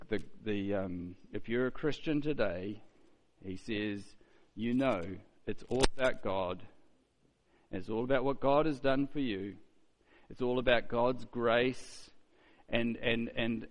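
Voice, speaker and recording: A man preaching a sermon in a conversational way, with rhetorical questions and mocking quotes. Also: mid-range voice.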